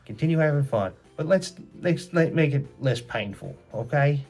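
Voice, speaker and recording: Brief: man as a sorry ex-bully in a storybook, sheepish, lively pitch. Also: moderate pace, faint music behind. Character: grown man, former bully turned sorry.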